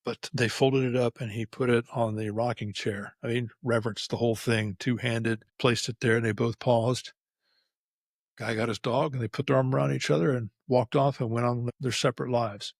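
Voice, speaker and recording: A middle-aged man hosts an unscripted solo podcast, telling stories candidly and rambling with frequent restarts. His mid-range voice has vocal fry and fairly even intonation at a moderate pace. The recording is studio quality with no echo, close-miked as he faces the camera.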